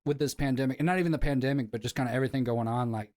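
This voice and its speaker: A man's voice: mid-range voice, rapid-fire, darkish tone. A man hosting a casual podcast chat, laid-back and rambling with lots of fillers. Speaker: podcast host.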